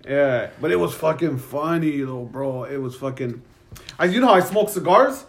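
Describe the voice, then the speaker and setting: A man's voice: on the high side, animated, normal speed. A man telling a story in casual chat, swearing constantly and slipping into Spanish. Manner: profane, slangy, peppers speech with Spanish.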